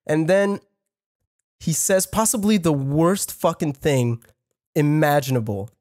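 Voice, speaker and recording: A man's voice: on the high side, slow pace, darkish tone, no echo, clean studio sound. A young man on a podcast, telling a personal story in casual chat, rambling with many fillers, restarts and swearing. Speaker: podcast co-host.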